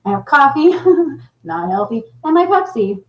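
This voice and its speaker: A middle-aged woman hosting a casual livestream, chatting and reading viewer comments with a laughing, animated manner. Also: high voice, unhurried, roomy sound, low-quality recording. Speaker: livestream host.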